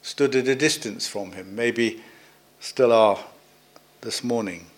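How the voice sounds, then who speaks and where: A middle-aged man delivers a sermon in a relaxed, conversational manner. His voice sits at an ordinary pitch. He slips in gentle jokes and pauses now and then with small fillers. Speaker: preacher. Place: church, services also on video call.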